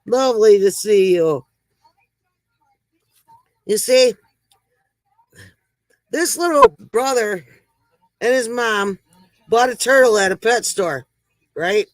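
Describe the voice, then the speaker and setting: A woman's voice: fairly high pitch, lively intonation, slow, long pauses, no room sound, rough recording. A woman hosting a casual livestream, chatting with viewers, greeting them by name and telling corny jokes. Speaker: livestream host.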